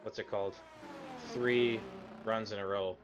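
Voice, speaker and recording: A man's voice: lowish voice, a little slow, highs cut off, noisy background. Canadian man calling a sim race. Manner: relaxed, conversational, thinking aloud. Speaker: lead commentator. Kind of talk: live sim racing commentary.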